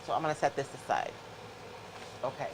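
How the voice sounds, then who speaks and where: A woman's voice: rumbling low, lively intonation, brisk, noisy background. A middle-aged woman hosting a live craft show, chatting casually and explaining each step to her viewers.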